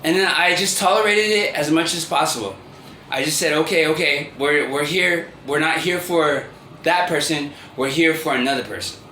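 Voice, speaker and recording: A man in his thirties speaking a rambling, halting confessional monologue as a vlogger. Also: a little high, bright, forceful tone. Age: 30s. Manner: rambling, halting, with many restarts and fillers. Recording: roomy echo with faint ambient noise.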